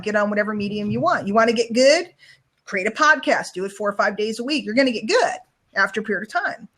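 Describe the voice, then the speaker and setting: A woman hosts a casual web show over a video call, talking at length in a chatty, storytelling way. Her voice sits a little on the high side, and she drifts easily from one tangent to the next. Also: fairly bright tone. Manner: chatty, rambling, quick storyteller. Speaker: show host. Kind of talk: casual online show chat.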